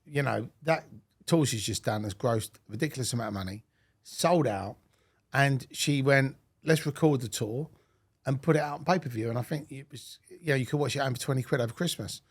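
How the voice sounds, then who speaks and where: A man hosting a podcast interview, chatting in a relaxed, informal way and telling anecdotes. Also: mid-range voice, fairly quick, slightly rough. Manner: relaxed, conversational, uses informal grammar. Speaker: podcast host. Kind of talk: casual interview chat.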